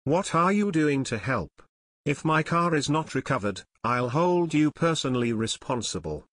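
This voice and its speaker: A man's voice: a little high, very animated, moderate pace, a little hiss or hum. A man doing an angry middle-aged townsman. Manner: shouting, accusing.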